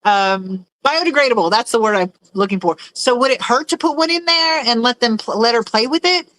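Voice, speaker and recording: On a casual livestream, a woman chats in a rambling way, reads viewers' messages aloud, and often searches for words. Her voice sits a little high, with a fairly bright tone and a fairly quick pace, and the recording is dry and rough.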